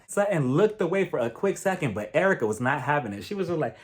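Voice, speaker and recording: A man giving a casual, gossipy recap of a reality show, dramatic and animated, laughing often. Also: on the high side, fast talker, few pauses. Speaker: reality TV reviewer.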